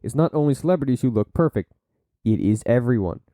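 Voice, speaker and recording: A man's voice: mid-range voice, animated, brisk, mellow, dry recording. A man hosting a solo podcast, reading from sources and breaking off into blunt asides and silly put-on voices. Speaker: podcast host.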